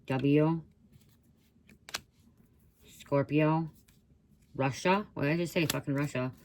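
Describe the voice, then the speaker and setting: A woman's voice: low voice, steady tone, slow, a little mellow, a little hiss or hum. A woman giving a rambling channeled psychic reading, blurting out words she hears and swearing casually. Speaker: psychic reader.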